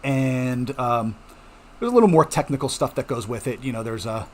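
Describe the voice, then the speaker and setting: With a medium pitch and moderate pace, a middle-aged home mining channel host explains things casually to his viewers. He is chatty and reassuring, asking "okay?" frequently, and coughs now and then. A little hiss or hum can be heard.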